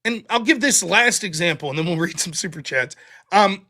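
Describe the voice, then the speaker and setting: A man's voice: high-pitched, expressive, moderate pace, sharp tone. A man hosting a livestream commentary show, talking bluntly and swearing freely. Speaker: host.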